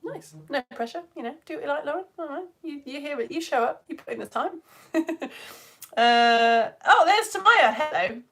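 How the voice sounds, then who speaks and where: A woman science teacher on a live stream, chatting warmly and laughing as she greets viewers by name and reads their comments. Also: sits high, expressive, normal speed. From United Kingdom. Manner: bubbly, chatty, laughs often, rambling. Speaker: online science teacher for home educators.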